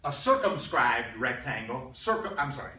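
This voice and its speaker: Guy teaching math to a class, bright forceful voice, keeps clearing his throat, echoey room mic far off. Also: medium pitch, very animated, normal speed. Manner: conversational, keeps checking in with students. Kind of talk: classroom lecture. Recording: roomy classroom sound from a distance.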